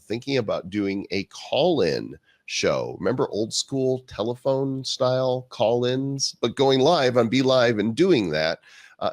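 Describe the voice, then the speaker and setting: A man's voice: medium pitch, no echo, clean studio sound. A man hosting a live online show, talking in an affirming, casual way with frequent fillers. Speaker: host.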